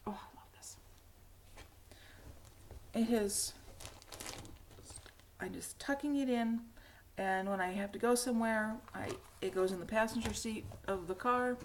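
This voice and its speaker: A middle-aged woman with a hoarse, cracky voice, hosting a knitting podcast in a rambling, casual chat with frequent laughs. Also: on the high side, unhurried, long pauses, a little hiss or hum. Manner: chatty, rambling, laughs often. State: hoarse, frog in throat.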